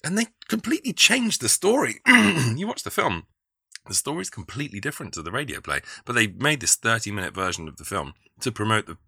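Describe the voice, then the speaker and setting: Podcast host, male, lilt, deep but animated, eager and laughing, dry close mic. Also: a little fast, vocal fry, breathy edge, no room sound. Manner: enthusiastic, laughs often. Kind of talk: casual conversation.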